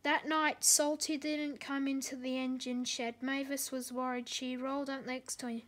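A woman narrating a children's storybook aloud, halting with slips and restarts. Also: high-pitched, level tone, a bit bright.

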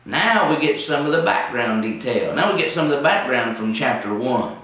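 A man's voice: medium pitch, expressive, normal speed, a bit bright. A man teaching a televised Bible study in a folksy, emphatic way. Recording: very echoey room, distant mic.

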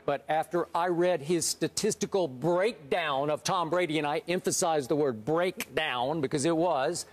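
A man arguing his point as a sports debate show host, growing emphatic and rising in pitch as he presses it. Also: normal speed, hardly any pauses. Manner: emphatic, rises in pitch when worked up.

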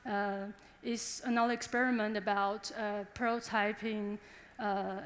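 A young woman speaks at a conference, chatty and engaging as she talks straight to the crowd. Her voice sits fairly high. A long reverb trails off the hall walls. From Taiwan. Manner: chatty and engaging, addresses the audience directly. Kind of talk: conference presentation.

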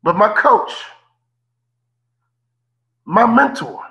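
A man's voice: sits high, big pitch swings, drawn-out words, vocal fry, bright, forceful tone, poor audio. A man in his fifties giving an impassioned keynote over a video call, preacher-like, repeating phrases and calling out listeners by name. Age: 50s. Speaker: motivational keynote speaker.

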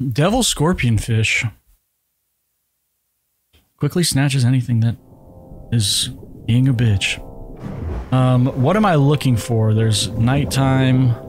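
A man's voice: mid-range voice, takes it slowly, long pauses, soft background music. A man giving casual, profane commentary while playing a video game, reacting to the action and talking to himself. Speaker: gaming YouTuber.

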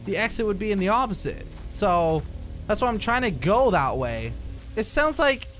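A gaming YouTuber, a young man, provides horror let's play commentary in a high-pitched, very animated voice at a moderate pace, his tone fairly bright. He's jumpy and keeps exclaiming, breaking into nervous laughter now and then. Soft music plays behind him.

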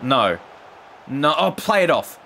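A man commentating his own football video game session, ranting in frustration with sarcastic asides and sudden excited exclamations. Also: fairly high pitch, slow, gravelly, slight background noise. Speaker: gaming YouTuber. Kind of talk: gameplay commentary.

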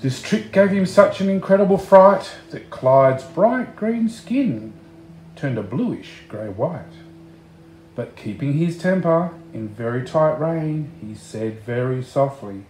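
A man reading a picture book aloud, slow and expressive, chatting to the listener between pages. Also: fairly high pitch, echoey room, soft background music. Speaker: storybook reader.

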